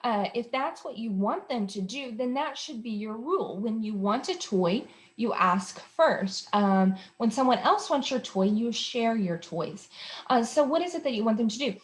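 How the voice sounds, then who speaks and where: A woman's voice: on the high side, animated, normal speed. A woman hosting an instructional talk for parents. She explains behavior strategies in a conversational way, with frequent ums and uhs. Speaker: behavior specialist host.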